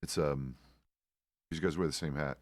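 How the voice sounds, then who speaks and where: A low-pitched middle-aged man talks to his stream chat and fellow players in a loose, rambling way. He restarts and corrects himself often and drops the odd curse. The sound is dry, with no room in it. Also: steady tone, normal speed, no echo. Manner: rambling, self-correcting, casual swearing. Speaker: streamer playing a deputy. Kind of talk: casual roleplay stream chat.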